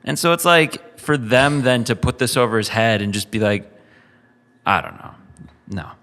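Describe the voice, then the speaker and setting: A man's voice: medium pitch, animated, moderate pace, a bit bright. A man co-hosting a podcast, talking casually and restarting his sentences mid-thought. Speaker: podcast co-host. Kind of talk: casual chat. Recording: long hall reverb.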